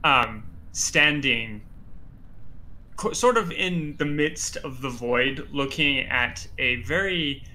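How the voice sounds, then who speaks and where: A man narrating as game master in a tabletop game, halting, with many fillers. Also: mid-range voice, expressive, pushed and bright.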